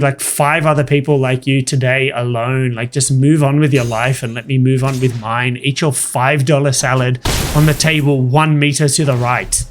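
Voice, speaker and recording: A man's voice: mid-range voice, normal speed, slight background noise. A man hosting a gaming channel, casually commenting on his matches and telling stories from work. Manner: chatty, animated anecdote-telling over gameplay.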